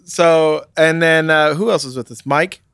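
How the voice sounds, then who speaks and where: A man's voice: on the high side, a little slow, a bit bright, smooth, no room sound, clean studio sound. A man casually telling a long anecdote, rambling with many fillers and restarts.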